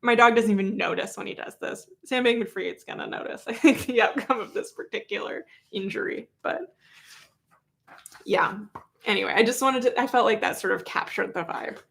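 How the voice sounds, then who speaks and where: A woman's voice: medium pitch, moderate pace, gravelly, fairly bright tone. A woman host giving a casual, wry commentary recap, chatty and full of fillers. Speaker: trial reporter and host.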